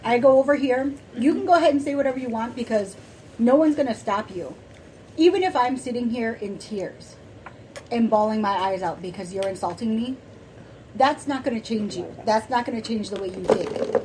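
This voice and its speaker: Soft-spoken rambling woman. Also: fairly high pitch, lively intonation, moderate pace, slight background noise, low-quality recording. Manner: soft-spoken, rambling with many fillers and restarts. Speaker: podcast co-host. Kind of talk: casual chat.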